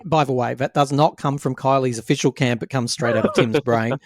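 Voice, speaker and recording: A man's voice: medium pitch, brisk, a little mellow, no echo. A man with an Australian accent hosting a casual chat show, joking and self-mocking and laughing often. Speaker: podcast host.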